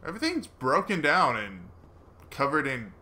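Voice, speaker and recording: Bright-voiced man narrating his gameplay. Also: fairly high pitch, normal speed. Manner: chatty, self-mocking, bursts of excited swearing. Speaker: gaming let's player. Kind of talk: casual gameplay commentary.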